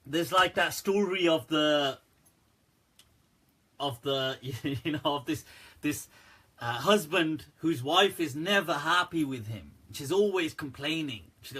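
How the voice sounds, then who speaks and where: A man with a bright, slightly husky voice gives a loose, joking livestream Q&A and laughs often. He talks straight to his viewers and keeps saying "right" and "people" between his points. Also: fairly high pitch, animated, measured pace. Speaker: Islamic scholar answering questions. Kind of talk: casual livestream Q&A talk.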